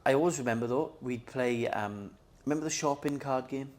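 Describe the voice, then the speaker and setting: A man's voice: mid-range voice, brisk, darkish tone. A young man co-hosting a podcast, laid-back and swearing casually while recalling family stories. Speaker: podcast co-host. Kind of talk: casual chat.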